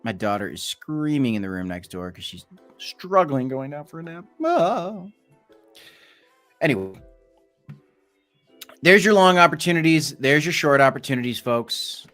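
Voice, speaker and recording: A man's voice: medium pitch, lively intonation, normal speed, a bit bright, faint music behind. Rambling man streaming crypto commentary. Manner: rambling, with many fillers and restarts. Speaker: crypto channel host. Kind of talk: casual livestream market commentary.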